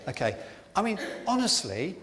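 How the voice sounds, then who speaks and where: A man's voice: high voice, huge pitch swings, normal speed, fairly bright tone. A man giving a chatty, self-deprecating sermon in a church, full of fillers and asides. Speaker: preacher. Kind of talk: conversational sermon. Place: church hall. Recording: reverberant hall with faint ambience.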